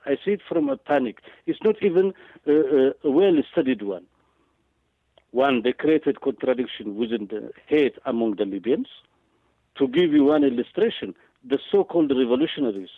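Over a tinny radio line, a guest speaker with a mid-range voice talks politics emphatically. His delivery is halting and repetitive, full of fillers, and the recording is dry.

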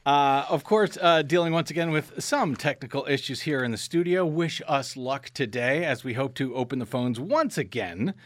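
A man's voice: mid-range voice, moderate pace, hardly any pauses. A man hosting a talk radio show from a studio, out of breath and joking about himself. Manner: lively, joking, self-deprecating.

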